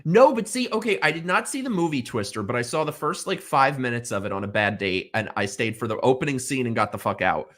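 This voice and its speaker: A man's voice: mid-range voice, animated, fast, few pauses, a bit bright. A man from New York City hosting a podcast in casual chat, campy and sassy as he tells dramatic stories. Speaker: podcast host.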